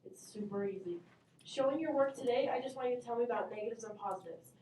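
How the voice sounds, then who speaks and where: A woman's voice: on the high side, fast talker, warm tone, slight background noise. A woman math teacher teaching her class, upbeat and encouraging, calling on students by name. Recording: echoey classroom from far off.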